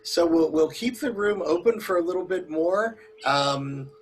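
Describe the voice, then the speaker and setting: A man's voice: a little high, expressive, measured pace, a little hiss or hum. A man, a rabbi, hosting an online community talk, speaking loosely with many fillers as he makes announcements. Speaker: rabbi and host.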